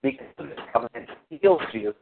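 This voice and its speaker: A man hosting an informal Bible study. He preaches emphatically, repeats his words and quotes scripture. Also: fairly quick. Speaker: host leading a Bible study. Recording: tinny phone line with faint noise.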